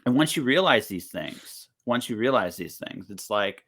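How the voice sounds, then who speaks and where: A man's voice: fairly low pitch, lively intonation, normal speed, a bit bright, breathy edge. A man in his forties in casual podcast conversation, blunt and emphatic, swearing freely and often cutting himself off mid-sentence. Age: 40s.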